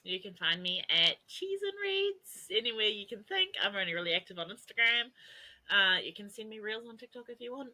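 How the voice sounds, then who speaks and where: A woman's voice: mid-range voice, animated, brisk, bright, forceful tone, low-quality recording. A young adult woman co-hosting a podcast, telling a long rambling story with swearing and laughter. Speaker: podcast co-host. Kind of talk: casual chat.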